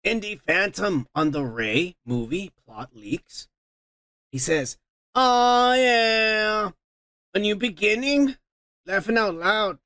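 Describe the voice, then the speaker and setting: A man's voice: high-pitched, very animated, takes it slowly, bright, forceful tone, dry recording. A man hosting a casual podcast, rambling and cursing as he reads out listener comments. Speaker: podcast host.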